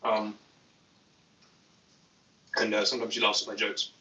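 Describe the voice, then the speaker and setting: British guy on a phone livestream, super bright sharp voice, echoey room a bit off the mic. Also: on the low side, completely flat delivery, measured pace, far from the mic. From Britain. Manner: dry, self-mocking, reads chat aloud. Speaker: YouTube host. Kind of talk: casual livestream chat.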